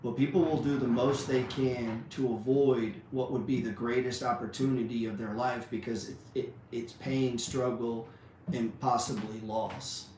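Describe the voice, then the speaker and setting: Steady and measured, a slightly mellow mid-range male voice gives a coarse, blunt motivational speech about trading, sprinkled with "man" and "dude." He is a trading educator recorded off-mic in an echoing room, with a little background hiss or hum.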